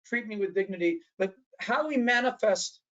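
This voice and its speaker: Animated male workshop presenter. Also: high-pitched, normal speed, lo-fi sound. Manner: animated, acts out quoted speech, frequent restarts. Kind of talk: lecture-style training workshop.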